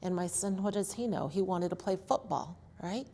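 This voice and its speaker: A woman in her sixties recounts old neighborhood stories for an oral history, bringing each scene to life by acting out the voices. Her storytelling is chatty and animated. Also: fairly low pitch, moderate pace, breathy edge. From Colorado, USA. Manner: animated storyteller, acts out quotes. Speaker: interviewee.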